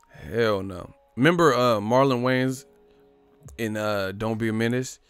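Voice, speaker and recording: A man hosting a casual live stream, rambling and swearing, laughing often and acting out movie lines in loud, high voices. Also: clean tone, dry recording.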